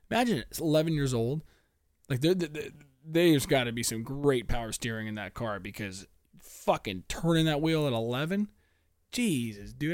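A man's voice: medium pitch, dry recording, clean studio sound. A young man hosting a solo podcast, ranting with lots of swearing and stammered restarts. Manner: profane, animated ranting with frequent stammered restarts. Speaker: podcast host.

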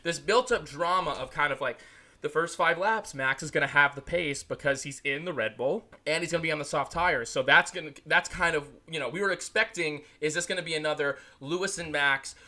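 Bright-voiced profane American guy. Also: fairly high pitch, fairly quick. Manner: profane, rambling storyteller. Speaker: podcast co-host. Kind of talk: casual sports chat.

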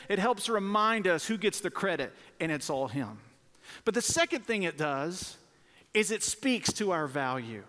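A man's voice: high voice, a bit bright, in a large hall. A man preaching to families and children, emphatic, repeating key words and calling for responses. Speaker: pastor. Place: church sanctuary.

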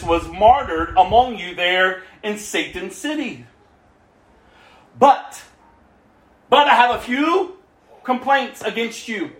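High, animated male preacher in echoey hall. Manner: swings between hushed near-whispers and loud bursts; talks straight to listeners by name. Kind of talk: sermon.

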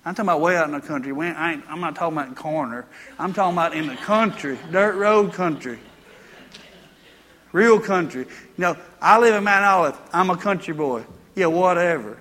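A man's voice: fairly high pitch, brisk, fairly bright tone, in a large hall, a little hiss or hum. A man preaching a sermon, mixing folksy country stories with emphatic preaching. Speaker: pastor.

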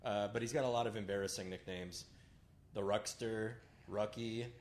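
A man's voice: fairly low pitch, fairly even intonation, normal speed, reverberant. A man in his late thirties, laughing through casual podcast chat. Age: 30s. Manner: laughing, self-mocking. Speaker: podcast co-host.

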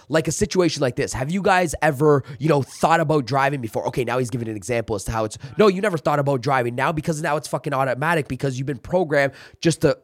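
A man's voice: medium pitch, rapid-fire, hardly any pauses, no room sound. A man talking as a sales trainer in a casual podcast interview, emphatic and coaching, acting out pep talks. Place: office.

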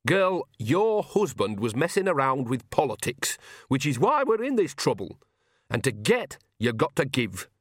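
A man's voice: medium pitch, big pitch swings, measured pace, no room sound, studio quality, pitched above the performer's own voice. A man voicing an earthy, shameless old witch woman who talks in a blunt, bawdy, down-to-earth way, in an audiobook reading.

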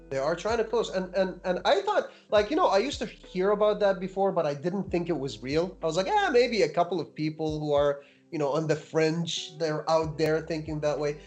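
A man from Iraq, a physician guest, telling stories in an animated, wry podcast chat. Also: on the high side. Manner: animated storyteller with wry humor. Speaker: guest, physician and anatomy teacher.

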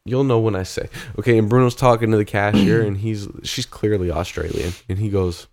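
A young man with a somewhat low voice talks loosely with his co-host. He tells stories in relaxed, profane banter and laughs easily. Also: fairly quick. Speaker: podcast co-host. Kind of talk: casual chat.

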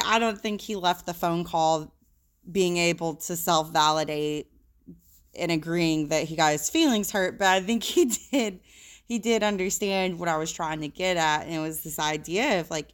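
A woman's voice: lowish voice, normal speed. A woman working as a social worker, talking frankly and casually about emotions, with the odd swear word.

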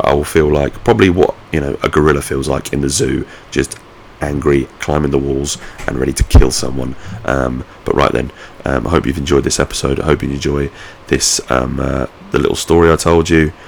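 A man's voice: very deep voice, gravelly, a little hiss or hum. A man vlogging from home, telling a rambling anecdote in casual, sweary, self-mocking talk. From United Kingdom. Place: at home, indoors.

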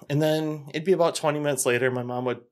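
A man's voice: a little high, fairly quick. A man co-hosting a podcast, telling a story in casual chat with lots of filler words. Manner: rambling, filler-heavy storytelling. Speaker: podcast co-host.

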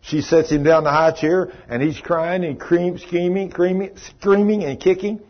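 A man preaching a sermon, telling a story in a folksy, animated way and acting out the voices in it. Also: high-pitched, moderate pace. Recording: dull lo-fi sermon recording.

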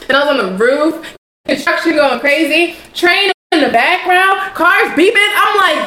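Frank, expressive young woman. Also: extremely high pitch, normal speed. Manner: frank, expressive, swears freely. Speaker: podcast co-host. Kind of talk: casual chat. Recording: echoey room, faint background noise.

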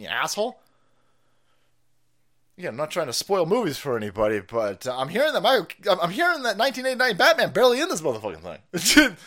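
Brief: foul-mouthed male stream host, high and lively, sarcastic rant. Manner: profane, mocking, animated. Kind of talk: livestream rant commentary.

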